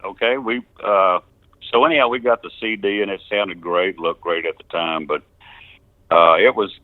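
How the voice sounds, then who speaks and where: An older man from Texas, a musician, speaks in a low, steady voice at a moderate pace, the recording dry and tinny like a phone-line interview. His casual stories wander, broken up by chuckles and restarts.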